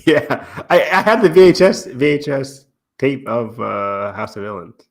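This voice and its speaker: A man's voice: mid-range voice, sing-song, a little slow. A man hosting a casual fan podcast, rambling with lots of fillers, laughing often and swearing casually. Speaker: podcast host.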